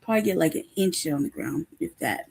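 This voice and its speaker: Deep, brisk and gravelly, this woman's voice carries a casual live chat she hosts. She tells lively stories, laughs a lot and swears freely.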